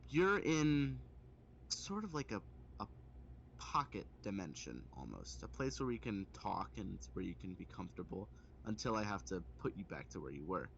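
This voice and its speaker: A soothing, otherworldly angel, as a man voices him comforts the listener in a lowish voice. The sound is dull and lo-fi, as over an online voice call. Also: very animated, moderate pace, creaky, a bit bright, a little hiss or hum, heavily acted. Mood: gentle. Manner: soothing, reassuring. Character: calm otherworldly male angel, reassuring. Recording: dull lo-fi mic.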